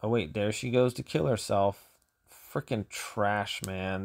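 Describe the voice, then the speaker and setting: A gaming channel host commentates his own gameplay, grumbling, exasperated and sighing often. His voice is on the low side and gravelly, at a measured pace.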